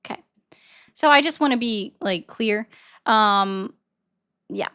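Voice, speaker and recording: A woman's voice: a little high, slow pace, bright, forceful tone, clean tone. A woman from the American South, casually talking to her live-stream chat and defensively explaining herself. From Southern United States. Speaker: livestreamer answering chat.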